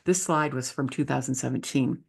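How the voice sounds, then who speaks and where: Gravelly-voiced woman teaching leadership. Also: extremely low pitch, moderate pace, a little mellow. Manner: enthusiastic, conversational teaching. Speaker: leadership speaker and author. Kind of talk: presentation talk with slides.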